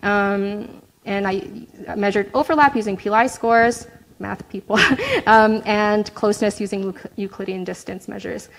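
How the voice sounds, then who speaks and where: Young woman, researcher presenting findings, mid-pitched, conversational and explanatory, checks in with the room often. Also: a little slow, vocal fry, a little hiss or hum, rough recording. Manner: explanatory, frequent "right?" check-ins and "um" fillers. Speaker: academic presenter.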